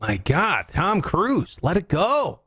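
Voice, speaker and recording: A man's voice: high voice, wildly swooping pitch, slow, sharp tone, husky, dry recording. A man hosting a radio show, chatting in a casual, profane, laughing way. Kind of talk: casual chat.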